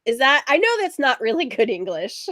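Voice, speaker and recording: A woman hosting a sewing livestream, chatty and rambling, her voice husky from allergies. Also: high-pitched, very animated, moderate pace, a bit bright, dry recording, clean studio sound. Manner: rambling, chatty, laughs often.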